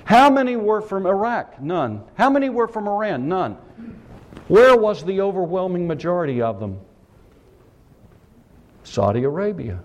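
A man delivers a sermon in an impassioned style. His voice sits high and leaps up and down across a wide range. He fires rhetorical questions and swings between shouts and hushed lines. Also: very animated, a little slow, long pauses. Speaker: preacher.

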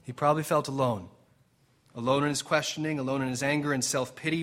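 A man preaching a sermon as pastor, animated and emphatic, slipping into dramatic quoted lines with pauses and now and then drifting off the mic. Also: mid-range voice. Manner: jokes with the congregation.

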